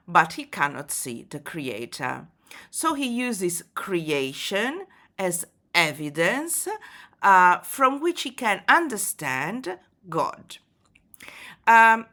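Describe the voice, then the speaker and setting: A woman giving a poetry lesson, explaining in a measured, deliberate way with frequent fillers. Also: fairly low pitch, bright, forceful tone. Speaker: literature teacher.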